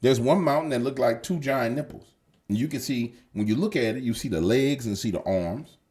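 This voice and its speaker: A man's voice: medium pitch, fairly quick, a little mellow, breathy edge. A man hosting a commentary show, talking in a casual, profane, streetwise monologue aimed straight at his viewers. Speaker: political commentary podcast host.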